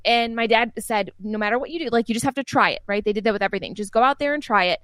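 Fast-talking young woman telling stories. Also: fairly high pitch, dry recording. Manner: chatty, laughs often, animated anecdotes. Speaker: interview guest. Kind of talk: casual storytelling in an interview.

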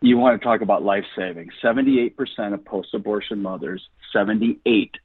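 A ministry founder with a lowish, husky voice talks briskly as a guest on a radio interview, the phone-line audio dry. His tone is enthusiastic, earnest, and encouraging, much like a preacher's.

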